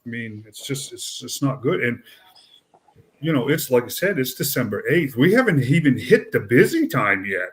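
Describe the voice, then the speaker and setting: A man's voice: mid-range voice, very animated, normal speed. A middle-aged man, hosting a casual chat and rambling through his points with fillers and restarts.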